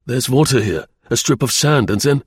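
A man voicing a nervous adult German passenger who speaks in hesitant, halting questions. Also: mid-range voice, expressive, husky, dry recording, clean studio sound, voice pushed up. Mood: calling out.

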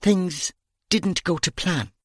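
A man's voice: sits high, slow, husky, dry recording, clean studio sound, voice pushed up, full character voice. A man voicing a cool, stern woman detective. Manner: clipped, controlled, reproving.

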